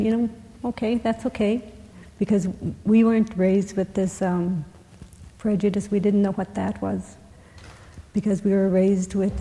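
A woman on a panel telling a personal story, asking rhetorical questions with a gentle humor. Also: medium pitch, vocal fry. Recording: reverberant hall.

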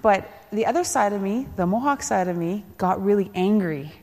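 A woman's voice: mid-range voice, expressive, moderate pace, darkish tone. A woman, speaking as a panelist and former athlete, telling a candid personal story and laughing now and then. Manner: candid, laughing, acts out quoted voices. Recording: reverberant hall.

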